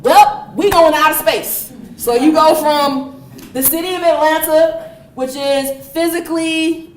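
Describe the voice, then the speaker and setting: A woman giving a university lecture, telling the story in a lively, animated way with frequent laughter. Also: sits high, distant mic. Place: lecture room. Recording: roomy hall sound.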